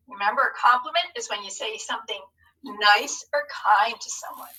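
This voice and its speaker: A woman's voice: a little high, animated, bright, forceful tone, distant mic, poor audio. A woman teacher giving a recorded spelling lesson to young students in an upbeat, encouraging way. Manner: upbeat, encouraging, slow and deliberate.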